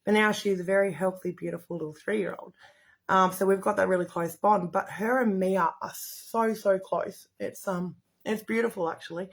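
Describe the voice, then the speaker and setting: A woman's voice: mid-range voice, steady tone, normal speed, gravelly. A middle-aged woman, chatting in a rambling, effusive way while hosting a casual makeup livestream to the camera.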